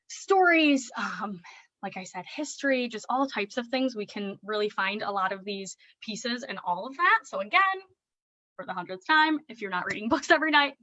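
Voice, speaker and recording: Bright-voiced woman teaching early literacy. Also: on the high side, dry recording, lo-fi sound. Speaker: speech-language pathologist. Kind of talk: presenting a parent lesson on early literacy.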